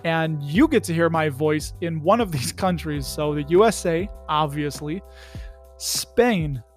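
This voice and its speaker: A man's voice: fairly high pitch, unhurried, soft background music. A man hosting his own podcast from home, chatting casually in a goofy, rambling way. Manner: goofy, rambling, slips into silly voices. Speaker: podcast host. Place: his home in the Chicago suburbs.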